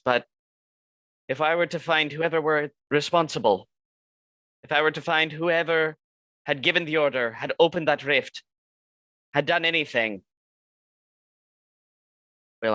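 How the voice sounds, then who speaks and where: A man's voice: a little high, normal speed, pauses often, bright, forceful tone, no echo. A man playing a tabletop game, rambling through his character's motives with many fillers. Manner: rambling, uses fillers like 'you know'. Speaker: player.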